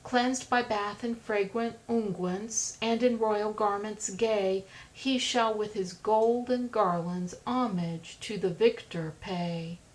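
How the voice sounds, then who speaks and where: A woman voicing a loyal male monkey chief in an audiobook, speaking in solemn measured verse. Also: medium pitch, lightly acted, poor audio.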